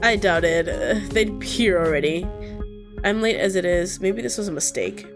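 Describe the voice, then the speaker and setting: A woman's voice: mid-range voice, normal speed, over loud music, lightly acted. Impatient young woman visitor, read by a woman, curt and doubtful.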